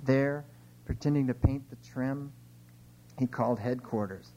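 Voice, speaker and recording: Middle-aged male author, warm low tone, relaxed informal reading of his short stories. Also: measured pace, rough recording. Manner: relaxed, chatty asides between dry readings.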